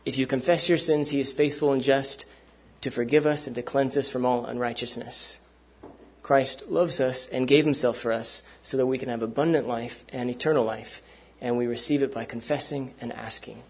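Preacher, male, husky tone, conversational sermon delivery to a live congregation. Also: medium pitch, fairly even intonation, normal speed.

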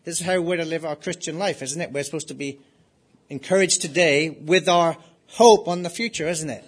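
A man preaching a sermon in an earnest way, asking the listeners rhetorical questions and slowly repeating his key phrases. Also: a little high.

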